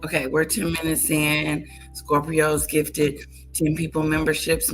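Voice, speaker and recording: A woman hosting a casual livestream, chatting to viewers and repeating greetings to them. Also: low-pitched. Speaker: livestream host. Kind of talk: casual live-stream chat.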